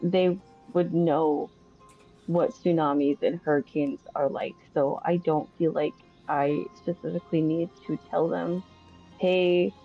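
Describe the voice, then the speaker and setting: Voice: medium pitch, steady tone, a little slow, creaky, slightly rough, lo-fi sound, faint music behind. A tabletop game player chatting casually about their character's choices, hesitant and rambling.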